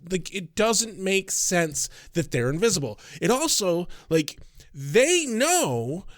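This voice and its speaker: A man's voice: sits high, sing-song, slow pace, no echo, clean studio sound. A man co-hosting a casual podcast review, venting with profanity and exasperation about poor plotting. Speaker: podcast co-host.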